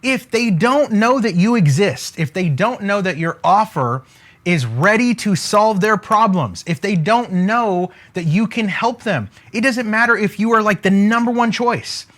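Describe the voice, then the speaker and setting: The man's high voice is expressive and a bit bright, with a measured pace. He's coaching business in a motivational way, speaking with emphasis, repeating catchphrases, and frequently checking in with "okay?" as he draws on a board.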